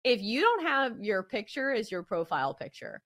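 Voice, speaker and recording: A woman's voice: medium pitch, big pitch swings, normal speed, a bit bright. A woman hosting a sports betting show, arguing her point with emphasis. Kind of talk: opinion commentary.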